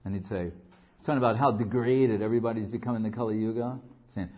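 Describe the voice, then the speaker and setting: In a lo-fi recording, a man with a lowish, warm, steady voice speaks fast as a spiritual teacher giving an informal devotional lecture. He digresses into anecdotes, jokes, and acts out quotes.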